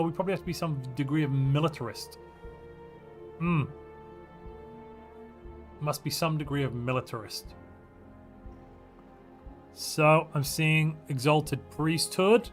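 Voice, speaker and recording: A male streamer talks through his game choices in a loose, playful way, musing aloud and answering his chat. His voice sits a little higher than most men's. Soft background music plays under him. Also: normal speed, long pauses. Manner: chatty, reads viewer chat aloud and reacts; playful, muses aloud while weighing options. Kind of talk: casual livestream gameplay commentary. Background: faint background music.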